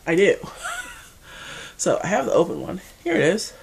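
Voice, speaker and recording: A woman from the Mid-Atlantic states with an American accent talks casually to her camera, chatty and animated, with playful asides. Her voice sits low and has a gravelly edge. Its pitch moves a lot as she talks. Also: moderate pace, slight background noise. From Mid-Atlantic United States. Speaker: beauty vlogger.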